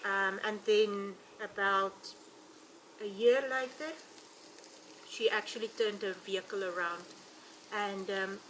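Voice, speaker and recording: A woman, a safari ranger, telling animated stories with frequent ums. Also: medium pitch, slow pace, long pauses, slight background noise. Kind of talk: telling anecdotes in an interview.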